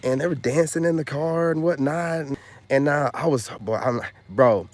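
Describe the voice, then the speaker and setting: A man telling a story as a channel host, loud and excitable, and acting out the voices of the people he quotes. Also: a little high, normal speed. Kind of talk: animated storytelling monologue.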